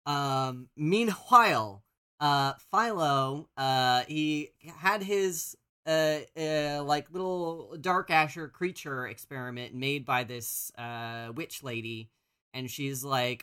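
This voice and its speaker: A man's voice: mid-range voice, animated, a little slow, pushed and bright, smooth. A man hosting a podcast, recapping television episodes in a casual, rambling way with lots of fillers. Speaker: podcast host.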